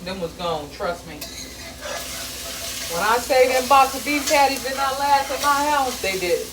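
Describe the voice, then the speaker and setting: With a high-pitched, lively voice and an unhurried pace, a middle-aged Southern woman cooks in her home kitchen and chats for her vlog, earthy and a little profane, with folksy grammar and story tangents. The background is noisy. The kitchen sounds echoey, the mic sits at a distance, and a pan sizzles.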